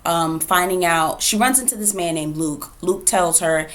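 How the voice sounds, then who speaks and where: A woman reviewing a TV episode in a casual recap, animated, acting out quotes and asides. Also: on the low side, moderate pace. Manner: animated, retells scenes with voiced quotes and asides.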